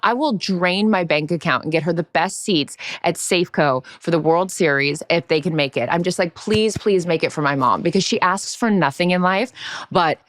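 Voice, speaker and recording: A woman from the US Pacific Northwest, co-hosting a podcast and telling an excited story full of asides in casual chat. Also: fairly low pitch, moderate pace, slight background noise. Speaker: podcast co-host. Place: sunny podcast studio.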